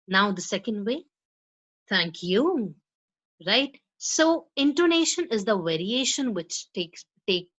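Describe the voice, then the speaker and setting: In a rough recording, a woman with a medium-pitched, fairly bright voice teaches students a pronunciation lesson. She's a spoken English teacher who lectures step by step, frequently asking "right?"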